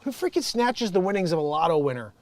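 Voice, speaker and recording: A man's voice: high-pitched, big pitch swings, fast talker, a little mellow, dry recording. An American man hosting a show, reading news headlines and riffing on them sarcastically, swearing and laughing often. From United States. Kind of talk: improvised comedic news commentary.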